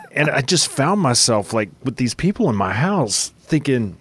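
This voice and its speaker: A man hosting a Catholic talk show, chatting casually and telling stories with quick impressions and frequent laughs. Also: mid-range voice, very animated, slightly rough, dry recording. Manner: laughs often, storytelling with quick voiced impressions. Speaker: host.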